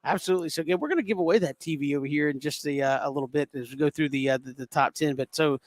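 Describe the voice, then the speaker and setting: A man hosting a live sports talk show, brisk and upbeat, steering the talk and prompting viewers. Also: fairly high pitch, no room sound. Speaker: host.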